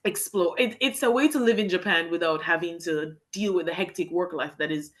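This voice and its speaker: A young Jamaican woman talks a little fast in a lowish voice as she tells a podcast interviewer about teaching English in Japan. It's a candid, heartfelt personal story, delivered earnestly in long, winding sentences.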